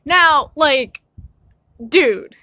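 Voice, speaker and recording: A woman's voice: high-pitched, lively intonation, very slow, pushed and bright, no echo. A young woman vlogging an emotional, swear-filled rant, apologetic and shaky as she tells her story. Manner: upset, ranting with frequent swearing.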